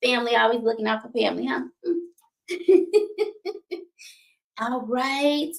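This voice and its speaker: A woman's voice: on the high side, lively intonation, slow, creaky. A woman hosting a livestream talk show, upbeat and chatty, often laughing and repeating herself. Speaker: host.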